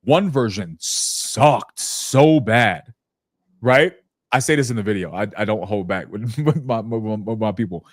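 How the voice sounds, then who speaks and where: A man hosting a casual business podcast who tells stories bluntly and profanely and slips into lively impressions of people. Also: lowish voice, a little slow, no echo, clean studio sound. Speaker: podcast host.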